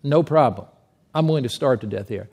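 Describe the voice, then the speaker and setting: Skinny little pastor praying hard in a cell , preacher doing him, earnest and pleading. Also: male voice, mid-range voice, animated, fairly quick, a little mellow, husky, voice pushed down. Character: small thin devout male pastor praying in prison.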